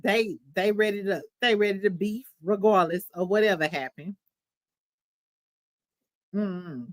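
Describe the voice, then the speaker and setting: A woman's voice: medium pitch, a little slow, no echo, rough recording. A woman hosting a podcast, recapping reality TV in casual, profane, gossipy chat. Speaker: podcast host.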